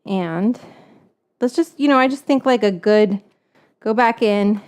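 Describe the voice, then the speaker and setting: In her home kitchen, a playful, chatty cooking show host stirs and whisks on a casual livestream, frequently joking at her own expense. She speaks a little slowly in a mid-range voice that is clean and slightly mellow.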